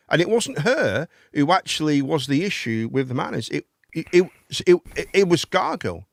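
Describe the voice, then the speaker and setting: A man's voice: a little high, sing-song, moderate pace, creaky, hardly any pauses, no room sound. A man, hosting a live chat and phone-in show, rambling and swearing casually. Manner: rambling, chatty, swears casually, calls people mate.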